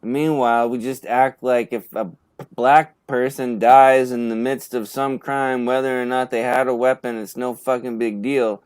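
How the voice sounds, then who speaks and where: A man's voice: medium pitch, steady tone, moderate pace, a little mellow, clean tone, dry recording. A man on a casual live panel talk who speaks passionately and swears freely. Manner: passionate and profane.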